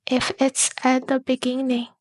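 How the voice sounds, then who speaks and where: A woman giving a whispered ASMR lesson, speaking softly and breathily and repeating words slowly. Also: high voice, completely flat delivery. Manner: slow, soft and breathy, with many repeated words. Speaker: ASMR Spanish teacher.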